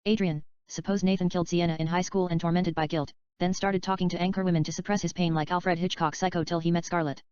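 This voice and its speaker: A woman reading the part of a chatty, dreamy male screenwriter in a plain, even voice. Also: on the low side, fast, few pauses, clear, resonant tone, no room sound, natural voice. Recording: dull, slightly lo-fi dry recording.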